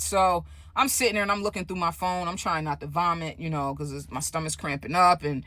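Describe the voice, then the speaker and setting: A woman telling a story in a casual vlog, animated and profane, often asking "right?". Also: lowish voice, brisk, no echo.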